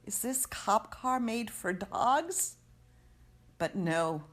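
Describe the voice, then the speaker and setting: A woman reads poetry dramatically, at a very slow pace. Her delivery is measured and emphatic, and she leaves long pauses between lines. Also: mid-range voice, lively intonation, a bit bright. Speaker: poetry reader.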